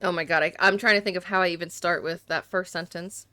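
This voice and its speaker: Bright-voiced woman streaming a game, chatty, dry close mic. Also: fairly low pitch, fairly even intonation, fast talker, smooth, no room sound. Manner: self-deprecating, chatty, reads chat. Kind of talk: casual game commentary.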